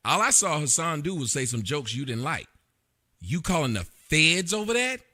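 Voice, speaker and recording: A man's voice: on the high side, big pitch swings, moderate pace, bright, forceful tone. A man hosting a casual live-stream chat, talking loosely, questioning his guest and laughing often. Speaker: show host.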